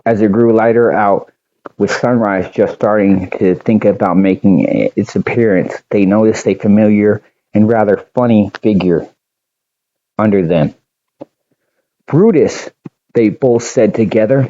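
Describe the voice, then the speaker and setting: A man reading an original story aloud, unhurried, with a few slips and restarts. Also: lowish voice, steady tone, mellow, highs cut off.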